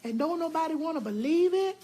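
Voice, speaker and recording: A woman vlogger telling a story at home in a casual, emphatic and animated way. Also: very high-pitched, fairly quick, a little hiss or hum. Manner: emphatic and animated, often addressing viewers as "girl". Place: home, indoors.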